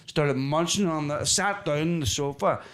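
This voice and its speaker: Swearing podcast host, slightly high. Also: male voice, moderate pace. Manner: swears freely, acts out his own reactions in the story. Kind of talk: casual comedic storytelling.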